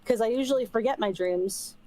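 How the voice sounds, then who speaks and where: A woman's voice: fairly high pitch, brisk, dark tone, poor audio. A young woman streamer rambling in casual chat while gaming, swearing offhand and using lots of fillers.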